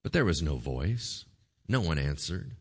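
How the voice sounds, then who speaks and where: Animated, jokey male preacher. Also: a bass voice, measured pace, husky. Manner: lively, jokey and conversational. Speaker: pastor. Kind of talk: sermon.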